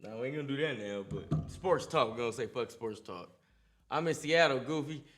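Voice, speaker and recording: A man's voice: mid-range voice, fast talker, fairly bright tone. A man co-hosting a live reaction stream, teasing and laughing in profane casual banter.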